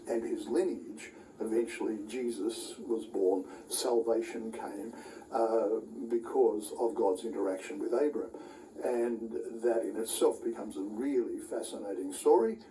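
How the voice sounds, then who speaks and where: Male lecturer, chatty with dry asides and lots of uhs; warm dark tone, distant mic in an echoey room with faint ambience. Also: mid-range voice, slight background noise. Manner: conversational, with dry asides and frequent uh fillers. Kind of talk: recorded Bible college lecture. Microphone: camera recording.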